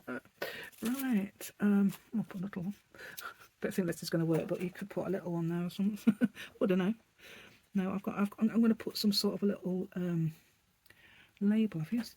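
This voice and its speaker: A middle-aged craft channel host chats casually through a tutorial at her desk, rambling and laughing often. Her voice sits on the low side, warm with a breathy edge.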